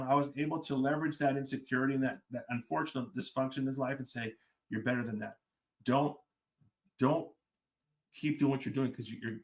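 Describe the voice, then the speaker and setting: A middle-aged man, a fire service leader, telling a story on a podcast and acting out the dialogue as he goes. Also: mid-range voice.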